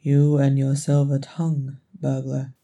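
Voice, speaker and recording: A woman voicing a brooding male dwarf king, speaking slowly and flatly in a storybook reading. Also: very deep voice, heavily acted.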